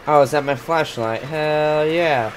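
A man playing a horror game and commenting as he goes, jumpy and quick to swear, thinking out loud about what he sees. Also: fairly high pitch, noisy background. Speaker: gaming channel host.

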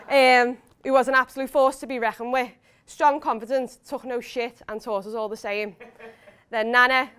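Young bride, heartfelt and giggly speech, smooth voice on the higher side. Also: female voice, a bit bright. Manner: emotional, laughing between lines. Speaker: bride giving a wedding speech. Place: hotel wedding reception.

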